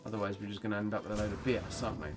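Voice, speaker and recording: A man's voice: fairly low pitch, flat delivery, racing, music in the background. Chatty British man streaming a game. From England. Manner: chatty, rambling, casually swearing. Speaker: gaming livestreamer. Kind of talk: casual gameplay commentary.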